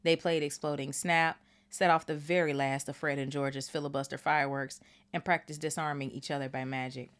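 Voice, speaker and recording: A woman hosting a book club podcast, reading a novel aloud with animated, swearing asides. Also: low-pitched, brisk. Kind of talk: casual read-aloud with commentary.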